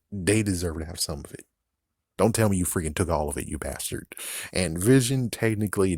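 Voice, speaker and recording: A man from the United States talks through a show in a loose, rambling, swear-heavy commentary, laughing and correcting himself as he goes. His voice sits very low. The recording is dry and close, with no room sound. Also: a little mellow, no room sound. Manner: rambling, profane, frequent laughs and self-corrections. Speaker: YouTube commentator. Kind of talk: casual reaction commentary.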